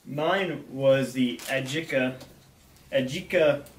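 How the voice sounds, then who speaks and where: A man's voice: medium pitch, slow pace, slight background noise. A young man co-hosting a snack review, reading trivia aloud in a laid-back way. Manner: laid-back, laughs easily. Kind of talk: casual chat reading trivia. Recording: echoey room, mic at a distance.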